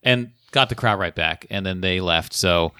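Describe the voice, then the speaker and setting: A lower-pitched man telling a story with a bright, forceful edge. He's a stand-up comic, animated and quick to act out the people he quotes. The sound is dry and close, with no room echo. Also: clear, resonant tone. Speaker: stand-up comedian, podcast guest. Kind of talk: casual storytelling chat.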